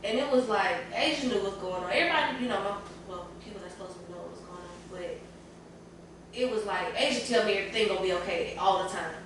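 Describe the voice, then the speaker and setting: A woman talks openly and emotionally as a panel guest. She is heard from a distance in a very echoey room, with clear room noise behind her. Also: mid-range voice, fast. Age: adult parent. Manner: candid, tearful at times, colloquial. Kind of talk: emotional casual panel talk.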